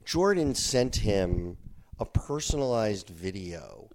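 A man's voice: on the low side, slow. A middle-aged man co-hosting a podcast, telling a story in casual chat and acting out the voices of the people in it. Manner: animated storyteller, acts out quotes. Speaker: podcast co-host.

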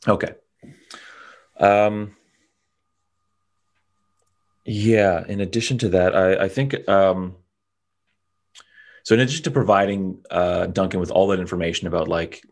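A man's voice: low-pitched, steady tone, a little slow, a little mellow. A man playing in a tabletop game, thinking aloud hesitantly. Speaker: player.

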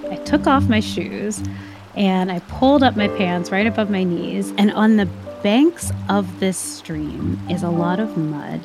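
A woman recounting a personal story in a relaxed, reflective voice at a middling pitch. She speaks conversationally, often dropping in little fillers as she goes. Clear music plays underneath her. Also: unhurried. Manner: reflective, uses many fillers like "like" and "you know".

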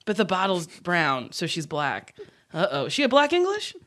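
A woman co-hosting a casual comedy chat, giggly and animated as she riffs. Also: fairly low pitch, normal speed. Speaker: co-host.

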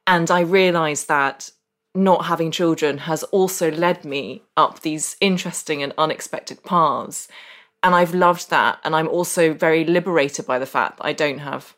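A woman's voice: deep voice, moderate pace, a bit bright. A middle-aged woman hosting a podcast, speaking candidly and reflectively in casual interview chat. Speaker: podcast host.

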